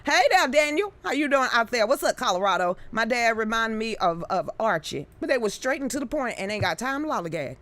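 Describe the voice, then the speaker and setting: A woman hosts a live stream, chatting loosely and joking as she reads comments and articles, with quick asides and Southern-leaning slang. Her voice is fairly high and fairly bright, with big pitch swings.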